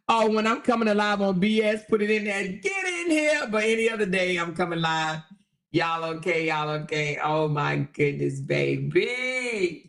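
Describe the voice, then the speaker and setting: A woman's voice: fairly low pitch, a bit bright. A woman hosting a casual livestream, chatting, reading out viewer comments and laughing along. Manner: chatty, laughing, drawn-out exclamations. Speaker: livestream host.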